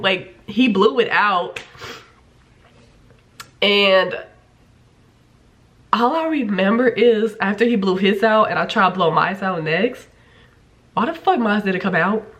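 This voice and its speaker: A woman's voice: medium pitch, fairly bright tone. A young woman telling a story to camera in a casual vlog, chatty, swearing freely and saying "like" a lot. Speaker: vlogger.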